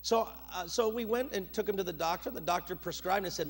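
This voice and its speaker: High-voiced preacher with dramatic swings. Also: male voice, a little fast. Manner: swings from loud urgent bursts to low quiet asides. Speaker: pastor. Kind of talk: sermon.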